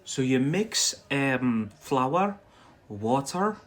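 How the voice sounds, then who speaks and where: A man with a Scottish accent runs a livestreamed English lesson, chatting casually and going over each word again slowly. His delivery is unhurried and deliberate, at a mid pitch. He sounds like an online teacher talking to viewers. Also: sing-song. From Scotland. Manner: chatty, repeats words slowly for learners.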